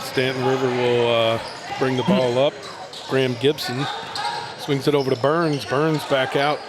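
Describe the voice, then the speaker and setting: A man calling live basketball play-by-play from a high school gym, running the action steadily and correcting himself quickly. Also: flat delivery, noisy background. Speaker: play-by-play announcer. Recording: gym ambience and ball bounces.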